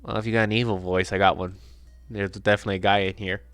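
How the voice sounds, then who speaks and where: A man's voice: fairly low pitch, little pitch movement, fast, a bit bright, clean tone, dry recording, faint music behind. A man hosting a let's play, chatting casually and sarcastically with heavy swearing. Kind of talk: casual gaming commentary.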